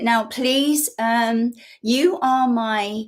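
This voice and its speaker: An English woman chatting casually on her first live stream, rambling warmly with lots of fillers and little laughs, recorded through a built-in laptop microphone. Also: mid-range voice, fairly even intonation, unhurried. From England. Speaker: YouTube host.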